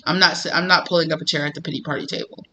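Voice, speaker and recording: Bright, animated male tarot reader. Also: on the high side, rapid-fire. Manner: animated and emphatic, often laughing. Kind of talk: casual tarot reading to camera.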